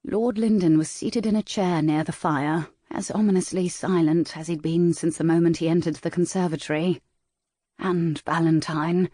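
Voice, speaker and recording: A woman narrating a historical romance audiobook in a measured, dramatic style. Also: on the low side, steady tone, warm tone, no echo, clean studio sound. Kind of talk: scripted narration.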